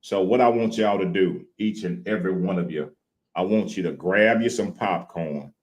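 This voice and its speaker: A man's voice: low-pitched, moderate pace, poor audio. A man from Louisiana with a Southern accent, hosting a livestream show in a folksy, casual way while wearing a headset mic. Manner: folksy, hypes the intro with loud sing-song shouts. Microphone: headphones with mic.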